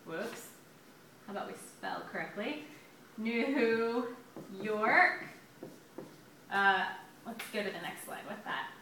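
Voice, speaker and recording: A woman's voice: mid-range voice, lively intonation, takes it slowly, pauses often, sharp tone, recorded from a distance, slight background noise. A woman teaching a grammar lesson in a chatty, upbeat way, stretching out words as she writes them on the board. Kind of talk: classroom lesson at a whiteboard. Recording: echoey room, voice a bit off-mic.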